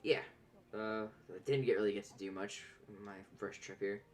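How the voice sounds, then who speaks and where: A man's voice: fairly low pitch, moderate pace, a little mellow. A man playing in a tabletop role-play session who talks casually with a lot of fillers and restarts. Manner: rambling, with many fillers and restarts. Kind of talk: casual in-character play over voice chat.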